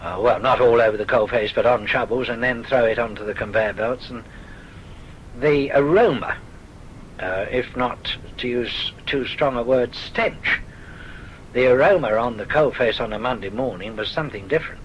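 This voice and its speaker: A man's voice: mid-range voice, moderate pace, lo-fi sound, slight background noise. An older man with a southern English accent, genteel and wry, telling his memories for a recorded oral history. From south of England. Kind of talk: recorded reminiscence.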